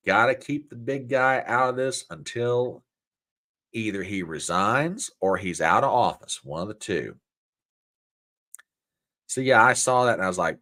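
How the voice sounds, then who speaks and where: A man hosting a political commentary show, talking in an animated, folksy, indignant way. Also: lowish voice, a little slow. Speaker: host.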